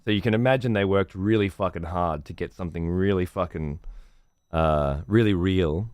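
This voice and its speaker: A man's voice: low voice, normal speed, a little mellow, clean tone, no room sound, clean studio sound. A man streaming a game, chatting casually in a rambling, heavily profane way. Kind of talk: casual chat while gaming.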